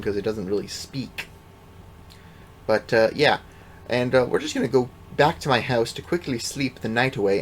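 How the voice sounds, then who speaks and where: A man's voice: mid-range voice, a little hiss or hum. A man giving casual, rambling commentary over his gameplay, offhand and self-deprecating, with the odd swear. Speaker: let's play gamer.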